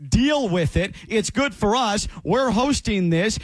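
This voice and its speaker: Man, sports radio co-host, sarcastic ranting, high lively pitch. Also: takes it slowly, few pauses, dry recording. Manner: mocking, sarcastic rants. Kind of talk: casual sports radio banter.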